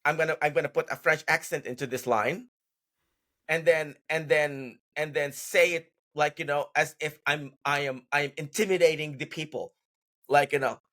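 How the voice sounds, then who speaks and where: A man's voice: on the high side, fairly even intonation, normal speed, bright, forceful tone. A man who is a guest actor on a podcast, telling rambling stories full of restarts in a casual interview. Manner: rambling storyteller, many restarts. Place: podcast recording.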